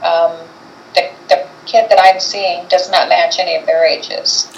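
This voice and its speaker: A woman co-hosting a casual chat, explaining her findings in a measured way. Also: on the low side, fairly even intonation, gravelly, lo-fi sound, a little hiss or hum. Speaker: co-host, paranormal investigator.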